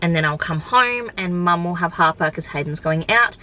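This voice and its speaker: A woman's voice: on the low side, moderate pace, bright, forceful tone. A young woman vlogging in a casual, rambling chat to camera, filling her talk with "like". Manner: chatty, rambling, full of "like" fillers.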